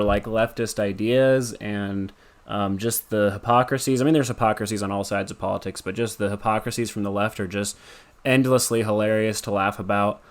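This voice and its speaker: A young man from Colorado answers a podcast host's questions in a loose, rambling way, full of ums and likes. His voice sits a bit low and sounds clean and smooth. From Colorado, USA. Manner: rambling, with many fillers and likes. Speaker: podcast guest. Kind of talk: casual interview answers.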